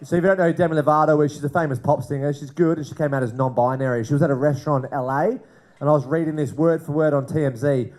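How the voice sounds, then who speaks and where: A man's voice: fairly high pitch, steady tone, very fast, a little mellow. A male comedian doing a brash, crude stand-up set, goading the crowd, on a comedy club stage into a handheld mic.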